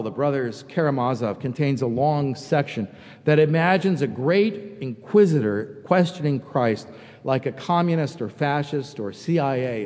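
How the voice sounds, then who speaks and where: A man's voice: mid-range voice, darkish tone. Reflective male pastor in a reverberant hall. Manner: reflective, builds to emphatic peaks. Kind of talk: sermon.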